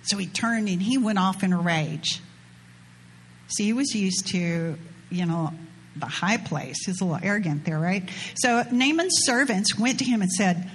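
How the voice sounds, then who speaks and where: A woman's voice: medium pitch, animated, moderate pace, slightly rough. A woman preaching a casual sermon, retelling a scripture story in a chatty way with slang asides. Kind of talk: informal sermon with scripture reading.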